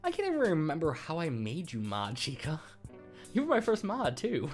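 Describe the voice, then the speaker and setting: This man hosts a live stream and chats loosely with viewers, rambling, breaking off mid-thought and laughing often. His voice sits a touch higher than most men's. Faint music plays behind him. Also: huge pitch swings, moderate pace. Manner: rambling and self-interrupting, laughs often, teasing. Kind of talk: casual chat with live chat viewers.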